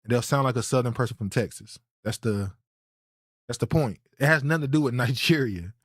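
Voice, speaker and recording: A man delivers podcast reaction commentary in an indignant, blunt tone. He often repeats a word as he restarts his thought. His voice sits at a middle pitch and sounds dry, with no room around it. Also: a little fast, breathy edge, no room sound. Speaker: podcast host reacting to clips.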